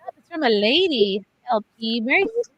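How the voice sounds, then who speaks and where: A woman's voice: fairly high pitch, moderate pace, highs cut off, music in the background. A woman hosting a casual group chat, gushing as she reads out viewer gifts and thanks them. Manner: gushing, animated reading out gifts. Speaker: host.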